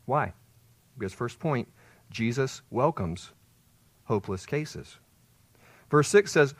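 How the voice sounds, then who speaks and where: A man's voice: medium pitch, expressive, takes it slowly, long pauses, dry recording. A man preaching a sermon as pastor, explaining and retelling a story with emphatic swells on key words.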